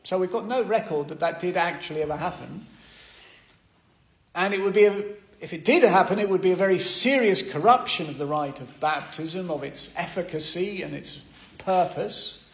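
A man preaching an expository sermon, explaining a passage slowly and thoughtfully with pauses. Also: sits high, fairly bright tone, roomy sound, low-quality recording.

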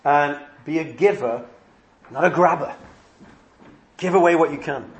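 Earnest preacher with a slightly high voice. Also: male voice, highs cut off. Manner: earnest, shifting between brisk and slow emphatic phrasing. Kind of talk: sermon.

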